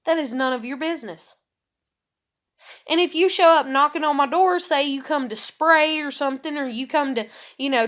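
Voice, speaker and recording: With a voice that sits high and sounds a bit bright, a woman vlogger vents furiously to the camera. She keeps repeating herself and swears heavily in this profane monologue.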